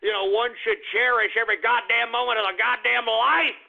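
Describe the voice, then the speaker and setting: A man's voice: extremely high pitch, fairly even intonation, a little fast, creaky, heavily acted. An actor playing a furious, paranoid male conspiracy radio host who sputters, swears and repeats himself on a comedy radio show. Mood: indignant ranting. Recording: tinny phone-like radio audio.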